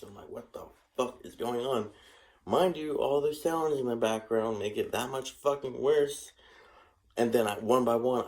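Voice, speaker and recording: A man's voice: sits low, a little mellow, slight background noise, rough recording. A man speaking casually to camera in a rambling monologue, swearing a lot and using many fillers, earnest and shaken. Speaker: vlogger.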